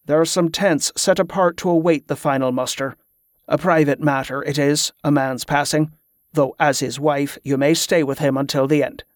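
A man voicing a stern middle-aged priest who speaks low and clipped, with inverted word order. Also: steady tone, normal speed, dry recording, clean studio sound, lightly acted.

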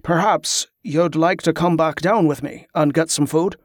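A man's voice: on the high side, measured pace, no echo, studio quality, close to an everyday voice. A man voicing a devout, earnest acolyte who speaks with reverence. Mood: regretful. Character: devout, earnest male acolyte, fervent believer.

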